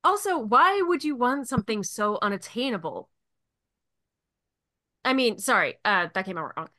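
A woman co-hosts a casual podcast, ranting with plenty of swearing and frequent laughter. Her voice is bright and fairly high, and it swings widely in pitch. The sound is close and dry. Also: lively intonation, moderate pace, dry recording. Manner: profane, ranting, laughs often. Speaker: podcast co-host.

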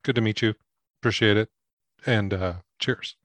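A man with a low voice in casual podcast chat, teasing and enthusiastic as he tastes whiskey. The sound is dry and close, with no room behind him. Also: steady tone, moderate pace, fairly bright tone, dry recording. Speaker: co-host.

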